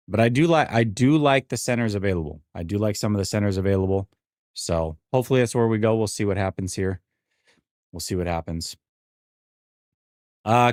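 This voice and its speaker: Male sports-stream host, low voice, dry close sound; loose, rambling delivery that repeats lines and drops wry asides. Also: no echo. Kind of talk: casual live-stream draft reaction.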